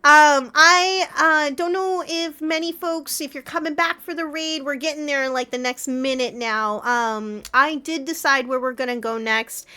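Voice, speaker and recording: A woman's voice: sits high, unhurried, few pauses, bright, forceful tone. A young adult woman streamer wrapping up a live gaming stream, rambling and chatty with frequent giggles. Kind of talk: casual stream wrap-up chat.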